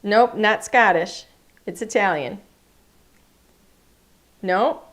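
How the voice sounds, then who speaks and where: A woman with a medium-pitched, animated voice demonstrates crafts in a live stream from her craft studio, speaking a little slowly. She talks enthusiastically, thinking aloud throughout her work.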